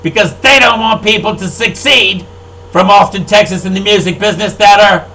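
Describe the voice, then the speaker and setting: An older man who owns a record label, delivering an angry, profane, rambling monologue that swings between loud outbursts and low mutters. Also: moderate pace, low-quality recording.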